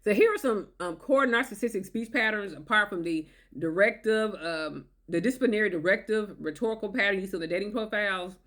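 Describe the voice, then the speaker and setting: A woman's voice: medium pitch, brisk, hardly any pauses, a bit bright. Woman doing an advice vlog, emphatic, keeps saying okay, repeats points. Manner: emphatic, repetitive, checks in with "okay?". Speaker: relationship advice vlogger. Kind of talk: direct-to-camera advice talk.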